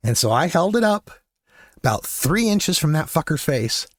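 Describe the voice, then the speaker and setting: Impassioned older man ranting, lively pitch. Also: a little slow, no room sound, clean studio sound. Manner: profane and impassioned, loud shouting when recounting. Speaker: show host. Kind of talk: opinionated political monologue.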